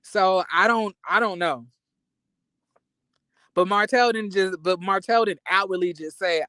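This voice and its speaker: Guy ranting about reality tv on his channel, loud and animated, swears a lot, dead dry room. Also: high voice, unhurried, pauses often, clear, resonant tone, no room sound. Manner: animated, profane, emphatic, breaks into apologetic asides. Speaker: commentary vlogger. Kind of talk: reality TV commentary rant.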